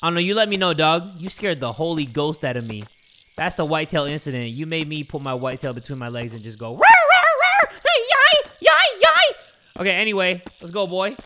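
A young man hosting a horror game let's play, joking constantly and breaking into loud outbursts. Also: fairly high pitch, slight background noise. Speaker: gaming video host.

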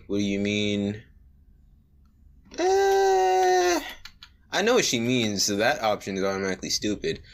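A man's voice: on the low side, a little hiss or hum. Joking young man doing game commentary. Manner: joking, slangy, reads on-screen texts aloud and breaks into mock singing. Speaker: gaming video creator. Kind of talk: casual gameplay commentary.

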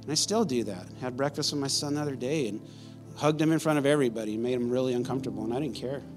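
A man in his forties preaching a sermon as pastor, in an animated, conversational storytelling way. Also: medium pitch, very fast, over music.

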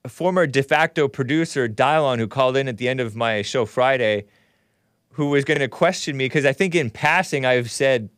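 A man's voice: medium pitch, moderate pace, fairly bright tone, dry recording, studio quality. A man hosting a casual livestream, rambling and laughing often as he reads comments and takes calls. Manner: rambling, laughs often, talks back to chat. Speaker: host.

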